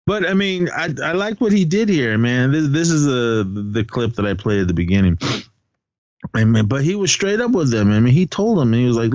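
A man's voice: on the low side, animated, brisk, a little mellow, no room sound, lo-fi sound. A man co-hosting a podcast, recapping a film in casual, rambling chat with frequent laughs. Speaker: podcast co-host.

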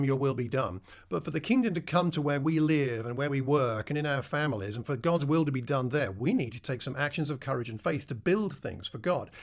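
A man preaching a sermon in a conversational way, putting questions to his listeners. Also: fairly high pitch.

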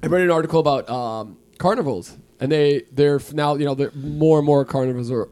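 A man's voice: medium pitch, fairly quick, few pauses, a little mellow. A man co-hosting a podcast in casual chat, telling stories and laughing often. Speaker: podcast co-host.

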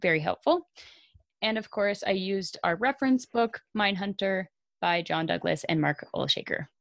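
A woman's voice: medium pitch, normal speed, vocal fry, dry recording, highs cut off. Laughing Canadian woman telling a story. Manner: laughs often, animated storytelling. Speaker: podcast co-host. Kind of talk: casual chat, storytelling.

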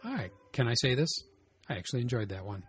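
Deadpan male podcast co-host. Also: mid-range voice, quick pace, faint music behind. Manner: dry, deadpan jokes. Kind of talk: casual podcast banter.

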